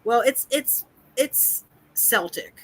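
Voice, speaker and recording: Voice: medium pitch, lively intonation, takes it slowly, rough recording. A live-stream host chatting and reading a folklore article aloud, often restarting phrases. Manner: reads from an article with frequent restarts.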